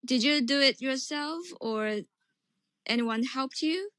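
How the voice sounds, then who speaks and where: Slow hesitant woman caller, dry sound. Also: high-pitched, fairly bright tone, no room sound. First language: Chinese. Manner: hesitant, lots of ums and uhs. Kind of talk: casual English practice chat.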